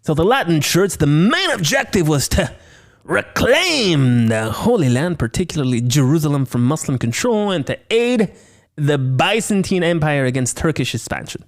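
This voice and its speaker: Solo podcast host, male, higher-pitched, very lively delivery, playful and chatty. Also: normal speed. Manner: playful, lively, slips into silly voices and banter with himself. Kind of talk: solo horror movie review podcast.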